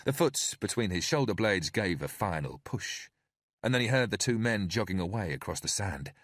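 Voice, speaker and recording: Deep husky male audiobook narrator. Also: lively intonation, moderate pace, a bit bright, dry recording, clean studio sound. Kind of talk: scripted narration.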